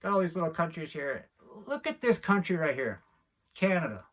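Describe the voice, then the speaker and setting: A man's voice: on the high side, sing-song, normal speed, fairly bright tone. Heated man ranting to camera. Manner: heated, preachy, increasingly worked up. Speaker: video host.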